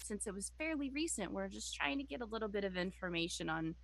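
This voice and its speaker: A woman playing a tabletop game, questioning a suspect in character with chatty, halting phrasing. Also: mid-range voice, animated, gravelly, no room sound. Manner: chatty, hesitant restarts. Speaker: player.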